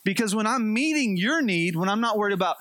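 Male pastor, sermon, high voice, casual storytelling, joking asides, dry close sound. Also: fast talker, no echo. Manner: conversational, animated storytelling with light humor.

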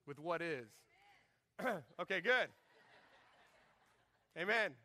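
A pastor in his thirties delivers a sermon in an animated, joking style, acting out quoted lines in changing voices. His voice sits high and he speaks extremely slowly.

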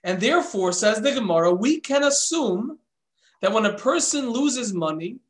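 A man telling a religious story in an animated way, switching voices for the characters. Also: high-pitched, normal speed. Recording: echoey room.

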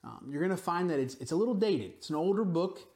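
A man preaching a sermon, telling stories in a relaxed, conversational way with frequent asides to the congregation. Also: sits high, fast talker. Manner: conversational storytelling with frequent "right?" and "you know". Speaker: pastor.

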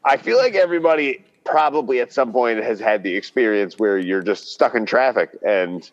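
A man's voice: mid-range voice, animated, normal speed, dull audio. A man talking as a podcast guest in a laid-back, rambling way, full of fillers. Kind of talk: casual podcast chat.

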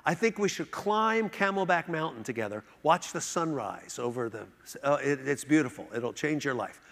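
A man's voice: a little high, expressive, normal speed, vocal fry, a bit bright, in a large hall. A man doing an eager buddy, coaxing. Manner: enthusiastic, coaxing. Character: upbeat male friend, eager hiking buddy.

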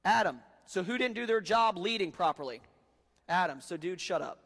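Laid-back preacher guy cracking jokes at the crowd, bit high voice, echoey hall. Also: animated, moderate pace, fairly bright tone. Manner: casual and joking, talks to the crowd as guys, bro and dude. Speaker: pastor. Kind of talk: sermon.

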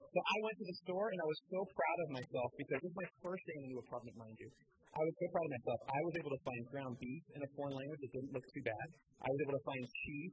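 A man's voice: mid-range voice, a little hiss or hum, low-quality recording. A young American man preaching a sermon in a church, telling stories casually with lots of fillers. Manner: storytelling, casual with many fillers. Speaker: pastor.

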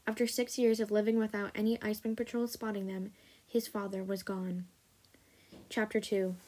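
This podcast host reads their own story in a plain, middle-pitched voice. The tone stays casual and unpolished, with small slips and quick corrections along the way. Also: little pitch movement, a little mellow. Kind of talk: reading own fan fiction aloud.

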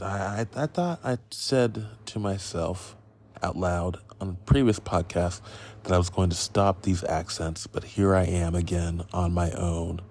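A man hosting a casual film review podcast, rambling and profane, a bit loopy from being high. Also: a little mellow, a little hiss or hum. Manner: rambling, loose and profane, goes off on riffs. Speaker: podcast host.

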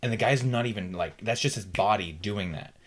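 In a casual podcast conversation, this co-host rambles through his stories with many fillers and restarts. His voice is husky and fairly low, and he talks a little fast.

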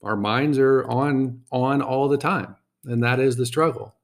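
A man hosting a podcast, telling a personal story in a reflective, halting way and often repeating words. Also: mid-range voice.

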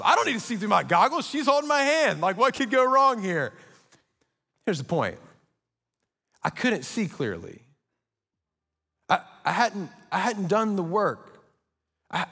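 Man preaching in a reverberant hall. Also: high-pitched. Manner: energetic storytelling with quick asides. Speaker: pastor. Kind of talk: sermon. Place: church auditorium. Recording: reverberant church auditorium.

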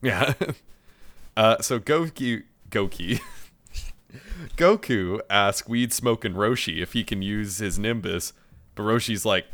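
A man chats through an anime episode recap in a relaxed podcast conversation. His voice is bright and forceful, sitting a little low. He laughs easily, swears freely and slips into quick impressions of the characters. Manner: laughs often, swears, acts out characters' lines. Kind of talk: casual chat.

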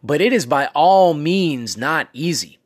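A man's voice: on the high side, animated, measured pace, no room sound, clean studio sound. A man hosting a casual motivational talk, coaching listeners in a conversational way with many fillers and asides. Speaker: self-improvement podcast host.

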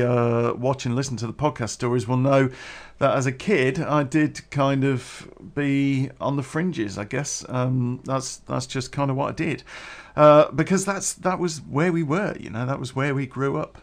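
Man, podcast host, casual rambling chat, laughs at his own gags. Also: medium pitch. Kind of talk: casual storytelling podcast intro.

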